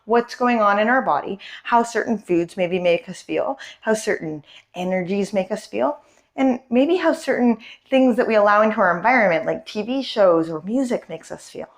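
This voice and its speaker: A young woman leads a yoga class in a gentle, encouraging way, talking through the poses and checking in with questions. Her voice sits at a middle pitch for a woman. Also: normal speed. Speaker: yoga instructor. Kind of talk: guided yoga class instruction.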